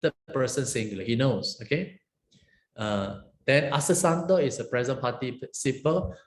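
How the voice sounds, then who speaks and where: A man's voice: mid-range voice, moderate pace. A man, a monk, teaching a Pali scripture lesson, explaining each word in turn with frequent fillers and tag questions. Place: monastery teaching hall. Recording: echoey room with faint ambience.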